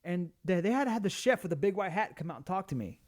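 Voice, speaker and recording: Male podcast co-host, slightly high pitch; loose, rambling storyteller who acts out dialogue. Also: lively intonation, fast. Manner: rambling storyteller, acts out quoted people, lots of fillers and restarts. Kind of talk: casual chat.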